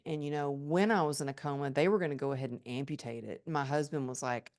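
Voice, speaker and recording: A woman guest on a podcast, telling a personal story in an animated, emphatic way. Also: low voice, brisk. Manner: animated and emphatic, acts out remembered thoughts.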